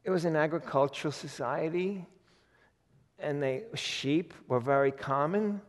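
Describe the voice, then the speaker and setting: Animated preacher man, echoing hall. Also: on the high side, measured pace. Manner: animated, folksy, acts out God's voice in quotes. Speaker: pastor. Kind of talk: sermon.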